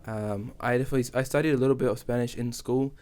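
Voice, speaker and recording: A man from New Zealand with a New Zealand accent, chatting in a casual interview. He keeps a relaxed, easygoing tone and slows right down when he reads phrases aloud. His voice sits at an ordinary middle pitch. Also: clear, resonant tone. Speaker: interview guest.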